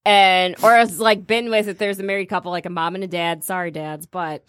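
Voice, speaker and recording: A woman's voice: fairly low pitch, fairly even intonation, brisk, fairly bright tone, no echo, clean studio sound. A young woman co-hosting a casual podcast, teasing and joking with her co-host. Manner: playful, teasing interjections. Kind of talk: casual chat.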